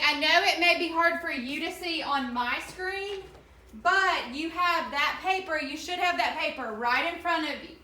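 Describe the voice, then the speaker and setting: A woman teacher giving an online reading lesson to children, slowly and clearly sounding out the vowels in each word. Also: sits high, bright, forceful tone, echoey room.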